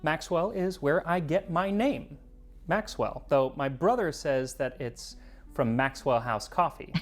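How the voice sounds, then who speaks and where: A man's voice: a little high, unhurried, soft background music. A man hosting a cooking history show in scripted narration, with playful, jokey asides.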